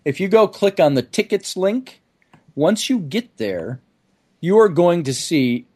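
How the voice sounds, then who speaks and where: A man's voice: high voice, very animated, measured pace, dark tone. Chatty man plugging an event. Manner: chatty promotional, piles up lists. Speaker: guest, event organizer. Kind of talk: casual podcast interview.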